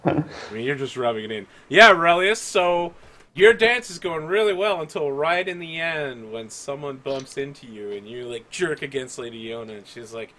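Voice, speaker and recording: Bright-voiced male game master. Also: mid-range voice, lively intonation, normal speed. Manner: casual, chatty, many fillers. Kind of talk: narrating a tabletop game.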